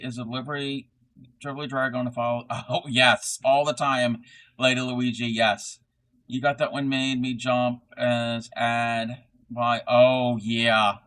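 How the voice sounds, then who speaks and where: A man at a mid pitch hosts a crafting live stream and chats as he crochets. He rambles in a low-key, unhurried way, full of "um"s and restarts, and thanks his viewers one by one. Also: fairly bright tone, low-quality recording. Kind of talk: casual live-stream chat.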